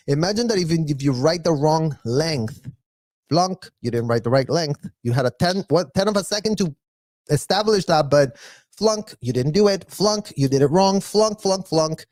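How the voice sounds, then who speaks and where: A man giving casual, blunt reaction commentary, animated and mocking, with mild profanity. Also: a little high, normal speed, dry recording, clean studio sound. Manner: animated, mocking, mimics others in exaggerated voices. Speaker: live reaction streamer.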